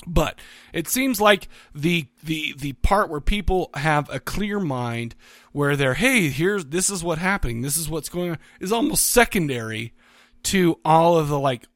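A man's voice: fairly high pitch, lively intonation, unhurried, a bit bright, dry recording. A man hosting a casual movie-review podcast, telling the plot in a rambling, profane way with many fillers. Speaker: podcast host.

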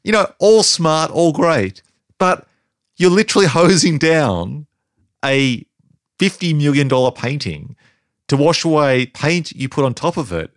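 A man's voice: a little high, very animated, measured pace, dry recording, clean studio sound. A man co-hosting a podcast, chatting casually and animatedly about a film, laughing often as he thinks aloud. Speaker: podcast co-host.

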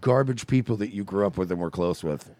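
Laid-back podcast co-host, a man with a low voice and wry, rambling jokes. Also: fast talker, a little mellow, no echo. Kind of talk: casual comedic banter.

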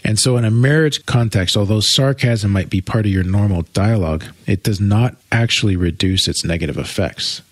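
A man's voice: lowish voice, fairly quick, few pauses, no echo. A man co-hosting a podcast, explaining earnestly in casual chat with wry jokes. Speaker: podcast co-host.

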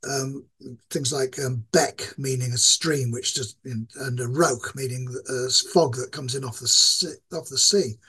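A man from Yorkshire with a Yorkshire accent, a professor talking as a guest, pausing often with ums. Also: mid-range voice, fairly bright tone, breathy edge, low-quality recording. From Yorkshire, England. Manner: thoughtful, many ums and restarts. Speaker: guest, game design professor. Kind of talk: casual interview chat.

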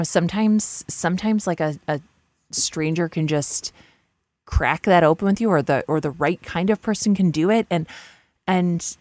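A woman's voice: lowish voice, a little mellow, no room sound. A woman in her forties speaking as a guest, talking candidly with frequent fillers, restarts and blunt profanity. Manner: frank, profane, self-deprecating, many fillers and restarts. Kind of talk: candid conversational storytelling.

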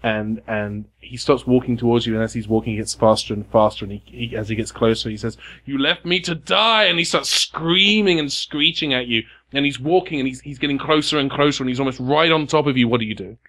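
A man running a tabletop game as game master, narrating scenes in a halting, searching way, recorded in a game shop. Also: mid-range voice, fairly even intonation.

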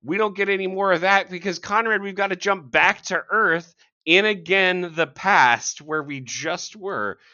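Male podcast co-host, bright lively voice, jokey and profane, dull lo-fi sound. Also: sits high, measured pace. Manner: animated, swears freely, jokey asides. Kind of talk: casual comic-review chat.

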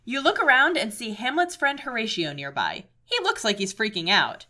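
A woman co-hosting a comedy podcast, narrating an adventure book with giggly, joking asides. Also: a little high. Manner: giggly, animated, quick with jokes. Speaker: co-host reading an adventure book aloud. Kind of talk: casual comedic chat and playful narration.

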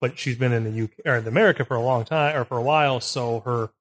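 A man's voice: mid-range voice, a bit bright. Young dude cohosting a podcast, laid back, keeps stopping and fixing what he says. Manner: easygoing, halting, self-correcting. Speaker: podcast co-host. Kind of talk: casual chat.

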